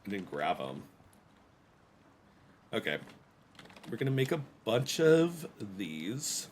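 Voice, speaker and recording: Lively low-voiced male game streamer. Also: takes it slowly, a little hiss or hum. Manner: rambling, self-deprecating, joking asides to chat. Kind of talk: casual gameplay commentary.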